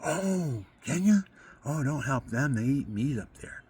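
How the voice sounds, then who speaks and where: A man's voice: medium pitch, moderate pace, a little mellow, husky. A man mimicking a disapproving, dismissive church official in a raised, incredulous voice. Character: disapproving male church official, older, scolding.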